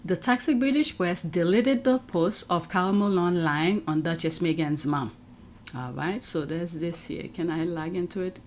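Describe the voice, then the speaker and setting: A YouTube commentator with a lowish, darkish voice chats casually at a moderate pace while reacting to clips on screen for her channel. She exclaims often. A little hiss or hum is audible.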